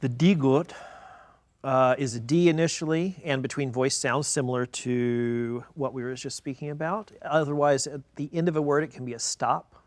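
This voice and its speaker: A man's voice: mid-range voice, steady tone, moderate pace, dry recording. A man moderating a diction panel in a studio, posing questions and summarizing points. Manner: inquisitive, poses questions. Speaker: moderator, researcher. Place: video studio.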